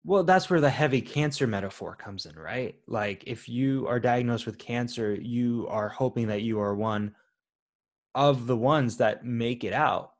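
A man's voice: medium pitch, a little slow. A man co-hosting a casual podcast chat about a film, talking loosely with many fillers. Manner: loose and conversational, lots of "like" fillers. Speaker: podcast co-host.

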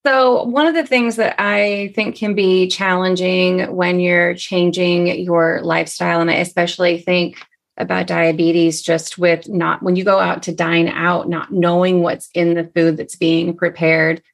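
A woman hosts a podcast interview with a gravelly, creaky voice. Her voice sits on the lower side, and she asks long, winding questions in a relaxed, conversational way. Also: measured pace. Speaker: podcast host.

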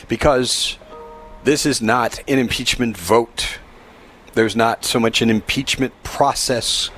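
A man hosting a live radio talk show, giving upbeat announcements and emphatic commentary. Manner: animated, upbeat pitch swings, emphatic.

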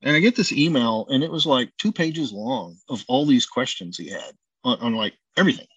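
A man's voice: medium pitch, fairly quick, breathy edge, no room sound, dull audio. A man, a chef and restaurant owner, telling a long anecdote in a casual interview, acting out bits of the dialogue as he goes. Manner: animated storyteller acting out dialogue.

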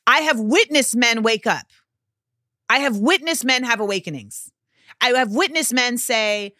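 Forties woman host, bright and a bit high, animated, swears freely, dry close mic. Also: measured pace, dry recording. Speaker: podcast host. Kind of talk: casual chat.

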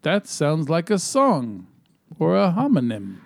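A playful man with a slightly high voice reads trivia with a giggly, tipsy ease. The recording is dry and close. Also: huge pitch swings, unhurried, gravelly, no room sound. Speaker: podcast host reading trivia. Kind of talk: casual comedic chat.

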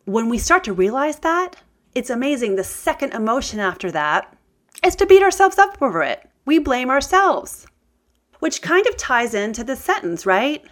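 A woman's voice: high voice, very animated, normal speed. A middle-aged woman speaking candidly to her audience about healing, earnest and confiding, with emphatic outbursts. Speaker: self-help speaker.

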